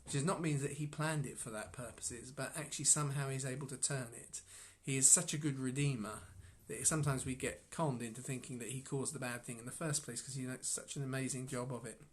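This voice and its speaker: A man talks through a passage of scripture in an informal devotional reflection, speaking at a mid-range pitch. He muses as he goes and often stumbles and restarts his sentences. Soft chuckles slip in between his thoughts. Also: fairly even intonation. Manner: musing, halting, with frequent restarts and soft chuckles.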